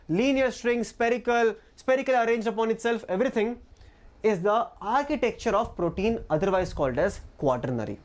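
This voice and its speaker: Indian-accented woman, live online tutor, short of breath, animated up-and-down delivery, quizzes the chat. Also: mid-range voice. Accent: Indian English. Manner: repeats key phrases, quizzes the chat. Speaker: biology teacher. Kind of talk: live online exam-prep lesson.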